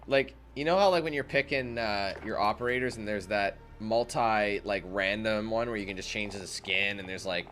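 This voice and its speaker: A man's voice: on the low side, normal speed, hardly any pauses, fairly bright tone, faint music behind. A young man hosting casual gameplay commentary, rambling and chatty with lots of fillers. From Canada. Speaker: gaming channel host.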